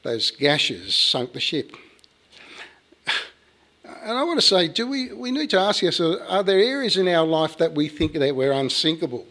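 A man's voice: fairly high pitch, big pitch swings, moderate pace, a bit bright. A male pastor preaching a sermon in a folksy way, often calling his listeners folks and chuckling.

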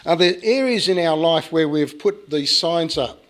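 A man's voice: a little high, expressive, a little slow, a bit bright. A male pastor preaching a sermon in a folksy way, often calling his listeners folks and chuckling.

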